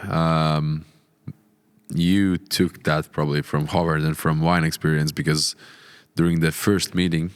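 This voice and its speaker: Deep, flat-voiced Latvian-accented host. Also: male voice, clean tone, no echo, clean studio sound. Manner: hesitant, halting speech. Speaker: podcast host. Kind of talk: casual interview chat.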